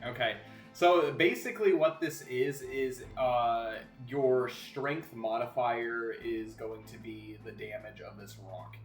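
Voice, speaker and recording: A man's voice: medium pitch, takes it slowly, faint music behind. Chuckling male game master, echoey room. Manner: relaxed, chuckling, with many fillers. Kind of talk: narrating a tabletop game. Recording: roomy echo.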